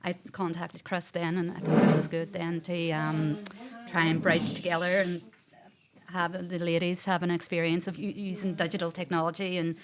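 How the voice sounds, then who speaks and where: A woman's voice: lowish voice, flat delivery, moderate pace, noisy background. A woman, a council coordinator, speaking hesitantly in a casual interview. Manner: hesitant, many "um" and "I think". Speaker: council age friendly coordinator. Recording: background chatter of a group.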